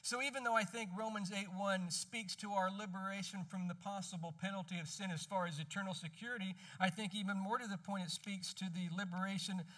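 A man with a high, bright voice teaches through a sermon in a relaxed, conversational way, often stopping to correct himself. He sounds somewhat distant from the microphone. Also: brisk, few pauses. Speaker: pastor. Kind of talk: expository sermon.

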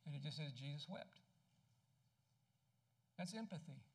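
A man preaching a sermon in a conversational way, asking his congregation questions and dropping soft and low when he tells personal stories. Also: lively intonation, measured pace, creaky, slightly rough. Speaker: pastor.

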